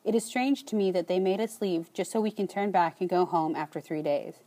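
Woman calmly reading an audiobook, warm mellow voice. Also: on the low side, brisk. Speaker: audiobook narrator. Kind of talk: scripted audiobook narration.

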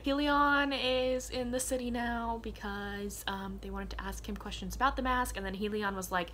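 A woman's voice: fairly high pitch, moderate pace, hardly any pauses, a little hiss or hum. A young woman with a Southern US accent, chatting casually in a book vlog, gushing with lots of laughs and "like". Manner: excited gushing with frequent laughs and "like". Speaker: book vlogger.

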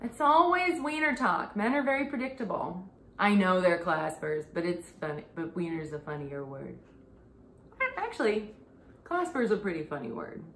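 A woman's voice: on the low side, sing-song, moderate pace, fairly bright tone, roomy sound, slight background noise. A young adult woman hosting a casual comedic recap, chatty and sarcastic, dropping swear words. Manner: chatty and sarcastic, swearing, with bursts of laughter and mock quotes. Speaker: podcast host recapping a TV show.

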